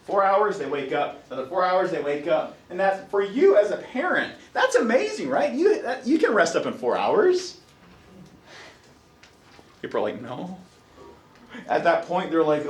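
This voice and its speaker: Animated male lecturer in an echoey classroom. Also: high-pitched, far from the mic. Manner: lively storyteller, acts out his own reactions, asks the class questions. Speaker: college psychology lecturer.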